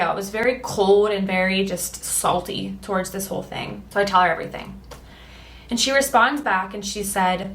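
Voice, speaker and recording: A woman's voice: medium pitch, normal speed. A young woman vlogging her personal testimony, earnest and emotional, acting out what she and others said. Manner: earnest and emotional, quotes herself and others in lively voices. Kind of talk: personal storytelling. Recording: echoey room.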